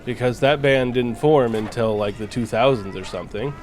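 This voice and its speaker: A man's voice: mid-range voice, moderate pace, over music, low-quality recording. A man streaming a game live, chatting casually with viewers, joking, teasing and swearing freely.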